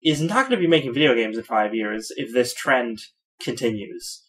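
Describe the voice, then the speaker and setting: A man co-hosting a gaming podcast in casual chat, opinionated and quick to laugh. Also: medium pitch, expressive. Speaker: podcast co-host.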